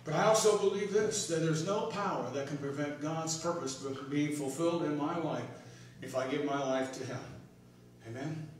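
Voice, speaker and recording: A man preaching a sermon as pastor, swinging between hushed, tender passages and emphatic, rising points. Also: a little high, normal speed, slight background noise. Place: church sanctuary. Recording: echoey church hall from far off.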